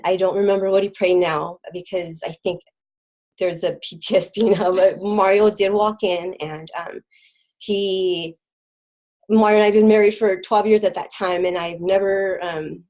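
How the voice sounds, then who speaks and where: A middle-aged woman telling her own story as an interview guest, halting, with many fillers and restarts, dropping very quiet at hard moments. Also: fairly low pitch, low-quality recording. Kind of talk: personal testimony in an interview.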